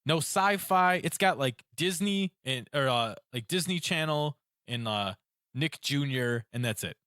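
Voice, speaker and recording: A man on a casual podcast telling an animated, ranting story about phone calls and acting out both sides. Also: on the high side, measured pace, dry recording, studio quality. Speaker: podcast co-host. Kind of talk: casual chat.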